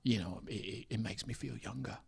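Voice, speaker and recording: A man's voice: on the low side, a little fast, heavily acted. A man doing a whispery British action hero. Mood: hushed friendly. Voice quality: breathy near-whisper. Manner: mumbling, quiet and chummy. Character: hushed, gravel-whispering British male action star, middle-aged.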